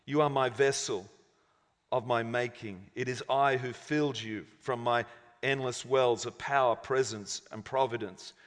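A male preacher voicing God as a gentle, compassionate father, speaking slowly and softly in a reverberant hall. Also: on the high side, natural voice. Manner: slow, gentle, soothing. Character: God, gentle all-knowing divine father.

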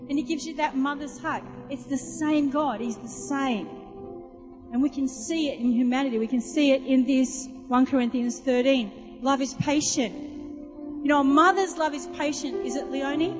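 A woman's voice: sits high, normal speed, long reverb tail, music in the background. A woman preaching a sermon, telling stories and asking the congregation questions in a chatty way. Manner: chatty storytelling, asks the audience questions.

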